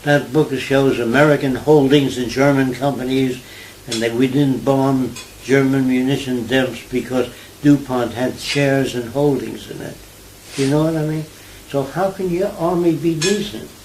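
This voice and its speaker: A man's voice: mid-range voice, unhurried, a little hiss or hum, poor audio. Older man. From New York. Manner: animated storyteller, asks listener if they follow. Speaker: interviewee. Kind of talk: conversational interview.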